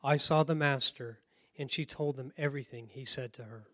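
A man reading a Bible passage aloud with measured expression. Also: mid-range voice, steady tone, sharp tone, dry recording, clean studio sound. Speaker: scripture reader. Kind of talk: scripture reading.

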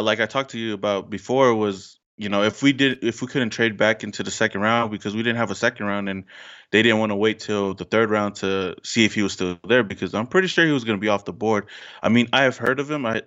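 A man's voice: lowish voice, fairly even intonation, fast, fairly bright tone, dull audio. A man co-hosting a casual sports podcast, often laughing as he talks. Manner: laughs often while talking. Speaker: podcast co-host.

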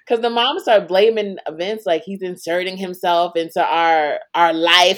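A woman's voice: lowish voice, fairly even intonation, a little slow, hardly any pauses. A woman co-hosting a casual chat, laughing often and acting out quotes as she recaps a show. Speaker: podcast co-host.

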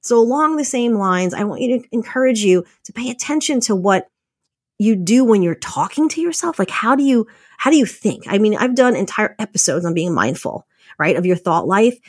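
In studio-quality audio without echo, a woman in her thirties hosts a podcast with a husky, expressive, medium-pitched voice at a moderate pace. She chats openly with listeners in a casual, motivational way, laughing frequently.

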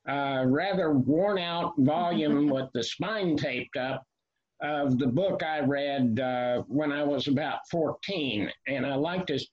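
A man in his seventies, an author guest, recalling his reading in a measured way with frequent "uh" pauses. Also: fairly high pitch. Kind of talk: casual interview chat. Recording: lo-fi, muffled sound.

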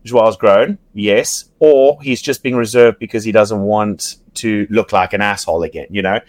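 Man, guest on a chat show, animated storyteller, laughs a lot, restarts sentences, dry close sound. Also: lowish voice, normal speed, no room sound. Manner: animated, laughs often, swears, many restarts. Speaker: podcast guest, reality TV yacht crew member.

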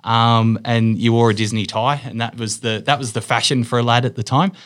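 A man's voice: mid-range voice, level tone, fairly quick, fairly bright tone. A middle-aged Australian man, a business owner being interviewed, telling stories casually with lots of fillers and restarts.

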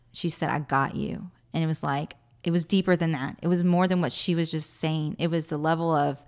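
A woman in her thirties, a podcast guest, telling a personal story with animated voices for her past self and frequent laughter. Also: low-pitched. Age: 30s. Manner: animated, acts out her own past words, laughs often. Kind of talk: emotional personal storytelling in an interview.

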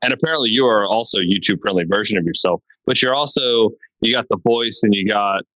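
A man's voice: lowish voice, quick pace, a bit bright, no echo, rough recording. A man in casual podcast talk, rambling and profane, laughing as he goes.

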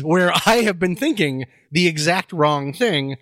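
A man's voice: a little high, expressive, measured pace, a bit bright, no echo. A man in his forties co-hosting a podcast, telling a self-deprecating story and laughing often between lines. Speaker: podcast co-host. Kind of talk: casual podcast chat.

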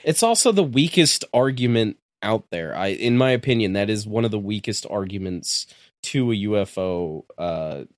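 A man's voice: lowish voice, expressive, normal speed, dry recording, clean studio sound. A man hosting a podcast who argues his view hesitantly and often restarts his sentences. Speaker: podcast host. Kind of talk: casual podcast chat.

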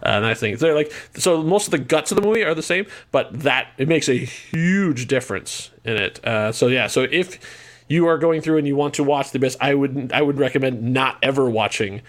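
A man co-hosting a casual movie podcast, speaking at an ordinary mid pitch. He talks in a relaxed, conversational way, with the odd restart. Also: brisk. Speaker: podcast co-host.

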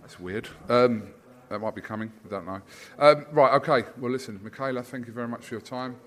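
A man's voice: mid-range voice, a little fast. A man interviewing a guest in casual, teasing banter. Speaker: sports interviewer.

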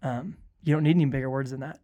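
A man who is a pastor and is grieving, talking earnestly in a conversational podcast, sometimes dropping to a hushed voice to quote others. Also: medium pitch, fairly even intonation, very fast, muffled recording.

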